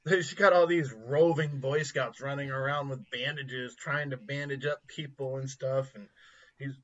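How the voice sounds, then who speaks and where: A man chatting casually as a podcast co-host, rambling with halting restarts and frequent laughter. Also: medium pitch, steady tone, highs cut off. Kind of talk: casual chat about comedy films.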